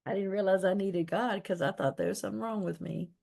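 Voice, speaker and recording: A woman's voice: mid-range voice, fairly even intonation, quick pace, creaky, a little mellow. A woman giving a candid, emphatic personal testimony at a recovery meeting, often repeating words for stress. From Texas.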